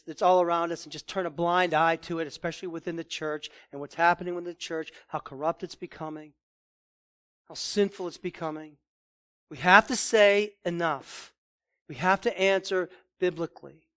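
High-voiced forceful male preacher. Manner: forceful, rising to emphatic declarations; often restarts and repeats words. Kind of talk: sermon.

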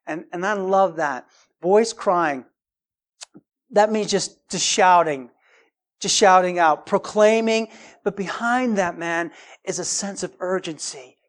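Urgent, emphatic male preacher. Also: high-pitched. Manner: urgent and emphatic, repeats words, calls out "man" and "right?". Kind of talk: sermon.

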